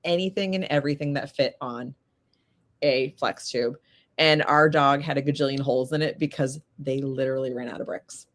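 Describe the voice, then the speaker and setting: A woman guest telling a story in casual chat, animated and acting out the voices of people in it. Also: extremely low pitch, normal speed. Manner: animated, acts out quoted voices. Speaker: podcast guest.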